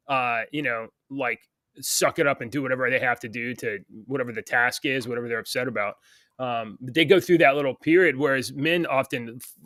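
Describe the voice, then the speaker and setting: A man's voice: medium pitch, pushed and bright, dry recording, clean studio sound. A middle-aged man co-hosting a casual talk show, rambling with many restarts. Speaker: co-host. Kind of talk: casual chat.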